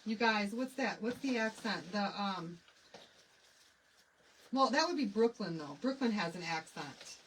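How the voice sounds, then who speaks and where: A woman's voice: medium pitch, expressive, a little slow, long pauses. Chatty woman with a Michigan accent. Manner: chatty, thinks aloud, laughs often. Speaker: craft vlogger. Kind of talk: casual chat while crafting. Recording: distant mic with faint background noise.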